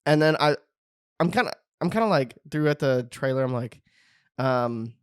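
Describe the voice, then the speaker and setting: A man's voice: mid-range voice, expressive, normal speed, smooth, dry recording, clean studio sound. A man co-hosting a casual podcast chat, hesitant, with many fillers and restarts. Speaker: podcast co-host.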